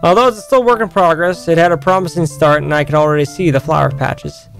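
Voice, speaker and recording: A man's voice: on the high side, steady tone, fast, vocal fry, faint music behind. A man streaming a story game, reading the narration aloud and breaking off to chat with and thank his viewers.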